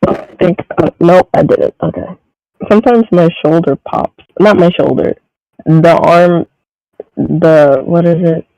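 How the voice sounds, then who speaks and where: A man's voice: fairly high pitch, unhurried, creaky, warm tone, no echo. A man chatting casually as a co-host, giggly and self-mocking, who laughs often. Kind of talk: casual chat. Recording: slightly muffled mic.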